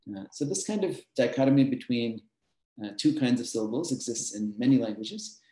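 A mathematician teaches a master class, his medium-pitched voice expressive, brisk and mellow. He explains patiently, dropping in frequent fillers and little laughs, and the room gives the sound a roomy echo.

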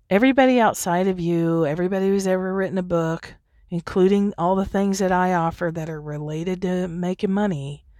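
A woman's voice: lowish voice, mellow, no echo, clean studio sound. A woman hosting a podcast, talking alone in a frank, chatty way and laughing easily. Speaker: podcast host. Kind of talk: candid solo podcast monologue.

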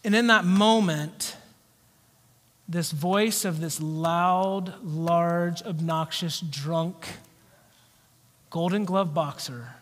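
A male pastor preaching a sermon with animated storytelling. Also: high voice. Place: church sanctuary. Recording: long church hall reverb.

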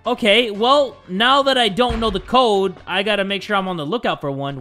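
A man giving excitable, jokey let's play commentary, with sudden yelps and casual swearing. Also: sits high, fairly quick, hardly any pauses. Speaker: gaming YouTuber. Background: game music.

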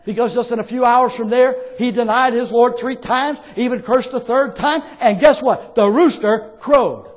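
A man's voice: very high-pitched, moderate pace, few pauses. A man preaching a sermon, exhorting his congregation fervently and pleading with them to come back to God. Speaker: pastor.

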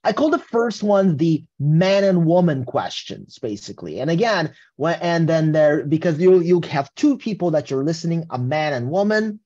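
A man's voice: a little high, expressive, normal speed, few pauses, dark tone, lo-fi sound. A man giving a casual test-prep webinar presentation, often tagging his points with "right?". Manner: casual, tags statements with "right?". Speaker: English test prep instructor.

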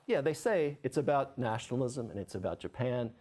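Male author giving an academic book talk, mid pitch, halting, heavy on fillers. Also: lively intonation, darkish tone. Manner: halting, many fillers and restarts; reads quotes aloud with lifted voice. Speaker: author and lecturer.

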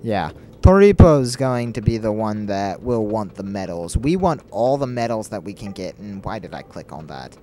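Brief: young male let's-play host, excitable and self-mocking, hiccups, animated delivery. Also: fairly low pitch, moderate pace, few pauses, a little hiss or hum. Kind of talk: casual game commentary.

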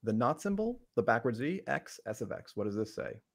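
A man with a gravelly, creaky voice leads a casual logic lesson on a live stream. He often restarts his sentences and keeps the tone playful. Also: mid-range voice, big pitch swings, fairly quick. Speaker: podcast host teaching logic.

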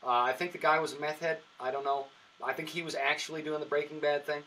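A comedian telling stories on a podcast in a high, bright voice. He rambles easily, circling back with "uh" and restarts as he talks. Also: fairly even intonation, quick pace, rough recording. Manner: rambling storyteller, many fillers and restarts. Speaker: comedian guest. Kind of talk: casual podcast chat.

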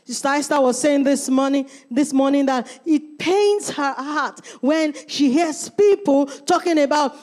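A woman's voice: high-pitched, unhurried, hardly any pauses, darkish tone. A middle-aged woman pastor preaching a sermon, emphatic and calling out to members of the congregation. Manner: emphatic, calls out to the congregation by name.

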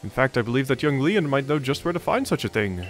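A man voicing an eccentric, excitable older male professor from a video game, reading his lines in a raised, fussy voice. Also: medium pitch, fast, soft background music, close to an everyday voice. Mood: excited.

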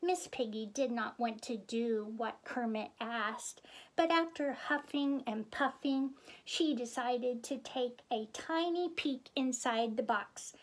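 A woman's voice: on the high side, slow. A woman reading a children's picture book aloud and speaking cheerfully to young listeners. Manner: cheerful, friendly sign-off to children. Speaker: storybook reader.

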